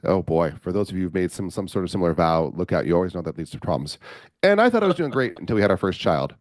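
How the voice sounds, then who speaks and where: Male coach guest, middle-aged, low voice, rapid animated storytelling, dry studio sound. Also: no room sound. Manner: animated storyteller, acts out quotes. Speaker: podcast guest, men's coach. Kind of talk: storytelling interview.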